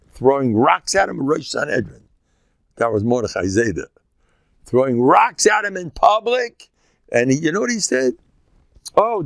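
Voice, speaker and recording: Gravelly older man giving a lively lecture. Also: no room sound. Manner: animated, jumps into high-pitched mock dialogue. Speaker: rabbi. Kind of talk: Torah lecture.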